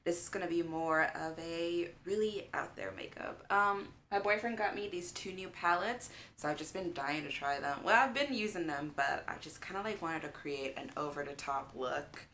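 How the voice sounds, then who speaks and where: A young woman with a low voice chats through a makeup tutorial in a gushing, filler-heavy way. She is recorded on a camera in front of her, with a faint hiss in the background. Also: moderate pace, hardly any pauses, fairly bright tone. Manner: chatty and gushing, with many fillers like "um" and "like". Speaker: beauty vlogger. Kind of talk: casual makeup tutorial chat.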